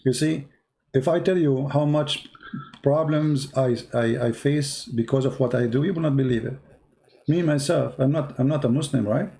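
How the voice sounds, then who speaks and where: Male host, gravelly, mellow and dark, fervent preaching style. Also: medium pitch, moderate pace. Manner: fervent, emphatic, repeats phrases. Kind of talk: preaching to a caller on a live stream.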